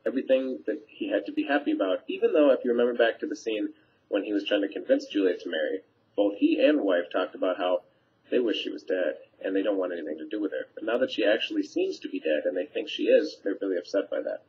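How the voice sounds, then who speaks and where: A man's voice: on the low side, animated, fast, a little mellow. A man, a teacher, casually summarizing a play scene for students, paraphrasing lines with fillers, recorded on a webcam mic. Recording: dull lo-fi webcam audio.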